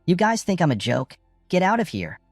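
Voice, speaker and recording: A man's voice: high voice, very animated, normal speed, dry recording, studio quality, soft background music, voice pushed up, exaggerated voice. A man voicing a hot-tempered rich bully. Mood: angry shouting. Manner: shouting, insulting.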